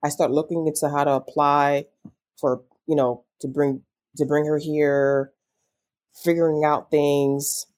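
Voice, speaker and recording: A woman's voice: deep voice, a little slow. A young adult woman as an interview guest, telling a personal story with feeling and acting out quoted dialogue. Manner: emotional, animated retelling with quoted dialogue.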